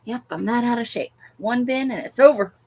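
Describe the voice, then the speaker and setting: A woman with a fairly high voice talks quickly on a casual crafting livestream at home, rambling to herself as she rummages through her supplies. Background noise can be heard.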